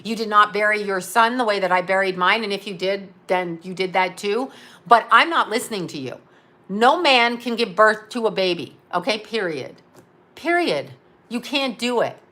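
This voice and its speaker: A woman's voice: medium pitch, lively intonation, normal speed, sharp tone. A middle-aged woman ranting to camera in a blunt, profane, rambling monologue, often cracking herself up. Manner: crude, rambling, laughing at her own jokes. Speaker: vlogger.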